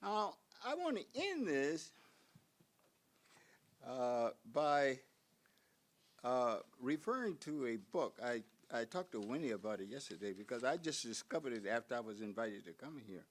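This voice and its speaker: Slow, lively-pitched older male professor. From United States. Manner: reflective, asks many rhetorical questions; halting, with frequent fillers and restarts. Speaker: professor giving a keynote lecture. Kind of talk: academic conference lecture.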